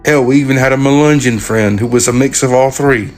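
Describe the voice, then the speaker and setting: A man's voice: mid-range voice, fairly quick, faint music behind. A man with an Appalachian accent, from Appalachia, scolding critics in an impassioned rant to camera. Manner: indignant, scolding. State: home without power for days.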